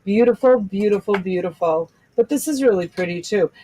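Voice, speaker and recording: A woman's voice: mid-range voice, brisk, mellow, a little hiss or hum. A woman hosting a casual live-stream jewelry sale, gushing over pieces and joking with viewers. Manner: gushing, exclaims over items, laughs often. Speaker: host selling jewelry lots in a live stream.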